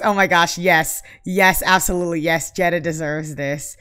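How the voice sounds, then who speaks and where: A woman's voice: fairly low pitch, fairly even intonation, moderate pace, a bit bright, smooth. A young woman casually commenting on her life-simulation gameplay, chatty and mock-exasperated with her characters. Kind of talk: casual let's-play commentary.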